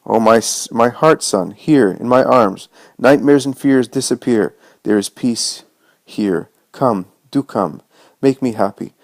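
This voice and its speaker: A man voicing Jesus as a gentle, loving savior, speaking in a solemn, tender way. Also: medium pitch, unhurried, creaky, no echo, rough recording.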